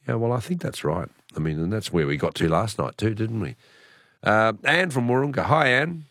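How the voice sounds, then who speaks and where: A man's voice: lowish voice, expressive, normal speed, fairly bright tone, no room sound. A middle-aged Australian man hosting talkback radio in a studio, chatty, affable and musing. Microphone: studio mic.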